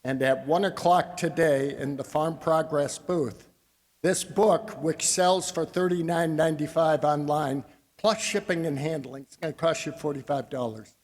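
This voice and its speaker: A man's voice: a little high, measured pace, a little mellow. A man giving a conference talk on grain marketing in a folksy, wry way, calling his audience "people.". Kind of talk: conference presentation. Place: convention hall. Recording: long reverb of a large hall.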